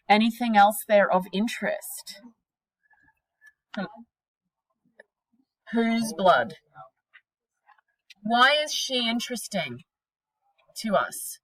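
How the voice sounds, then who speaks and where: Woman teacher, unhurried delivery, dry close sound, quizzes the class, casual and lively. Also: on the high side, dry recording, low-quality recording. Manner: energetic, questioning, casual slang. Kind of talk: classroom literature lesson.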